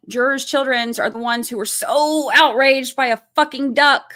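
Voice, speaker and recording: A woman's voice: a little high, fairly quick, hardly any pauses, a bit bright. A woman in her thirties hosting a true crime livestream, talking casually and bluntly, swearing freely and reading out chat messages as she goes. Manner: reads chat names aloud and answers them.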